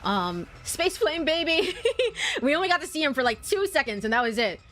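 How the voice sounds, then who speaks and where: A young adult woman streams a game with casual let's-play commentary, reacting to the story, swearing and laughing often. Her voice is high and animated at a normal speed, with faint game music behind her.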